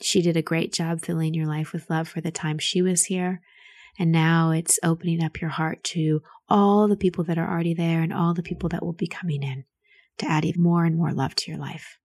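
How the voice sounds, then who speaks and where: A woman hosting a show and coaching a caller through grief in a soft, soothing, nurturing way. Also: low voice, steady tone, brisk, no echo. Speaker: host giving advice to a caller. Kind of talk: gentle coaching on a call.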